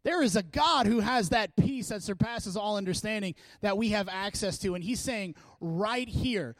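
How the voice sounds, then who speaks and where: A man's voice: high-pitched, moderate pace, hardly any pauses, no room sound. A male pastor preaching a sermon in a casual, joking, fervent way, urging his congregation on. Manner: casual, joking and energetic, with frequent laughs.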